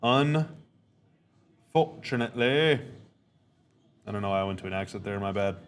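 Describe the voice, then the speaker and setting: A man's voice: low-pitched, monotone, rapid-fire, clear, resonant tone. A man hosting a podcast, giving casual live reactions to a game, rambling, repeating himself and stating blunt opinions. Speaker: podcast host.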